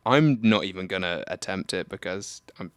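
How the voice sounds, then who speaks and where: This is a man from South Africa co-hosting a casual chat, with a fairly low voice recorded close and dry. He drops wry, doubtful remarks in an easygoing way. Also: lively intonation, moderate pace, clean tone, dry recording. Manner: dry, skeptical asides. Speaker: podcast co-host.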